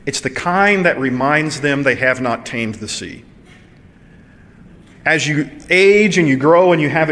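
Pastor from preaching in a hall. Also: male voice, fairly high pitch, fairly bright tone. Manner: conversational, asks the audience questions. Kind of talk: sermon. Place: church.

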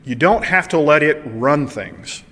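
A man preaching a sermon in a conversational, animated way, asking the congregation rhetorical questions. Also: on the high side, a little slow. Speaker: pastor. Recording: long hall reverb.

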